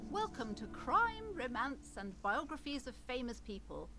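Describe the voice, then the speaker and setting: Prim, sing-song shopkeeper. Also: female voice, high-pitched, sing-song, normal speed, over music. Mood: gushing. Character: fussy proud female bookstore owner. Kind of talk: game voice acting.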